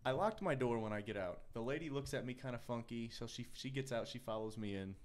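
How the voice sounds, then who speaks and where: A man's voice: mid-range voice, fast. A man co-hosting a podcast, rambling through a story in casual banter with lots of restarts. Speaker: podcast co-host.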